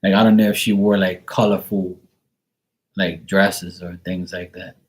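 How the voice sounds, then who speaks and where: Deep-voiced man rambling through a psychic reading. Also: flat delivery, a little slow. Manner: rambling, hesitant, filler-heavy with mild profanity. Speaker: psychic tarot reader.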